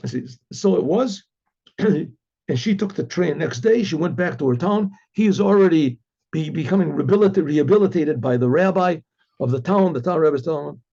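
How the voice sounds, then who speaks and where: A man with a fairly high, husky and gravelly voice tells a story as a rabbi. He acts out the voices of the figures in an animated way and keeps clearing his throat. The recording is dull and lo-fi. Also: brisk. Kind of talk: storytelling narration.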